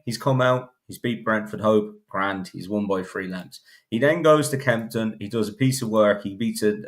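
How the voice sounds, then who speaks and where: Blunt, swearing man on a podcast. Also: on the low side. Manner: blunt, swearing, restarts sentences. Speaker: podcast panelist. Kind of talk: casual racing podcast chat.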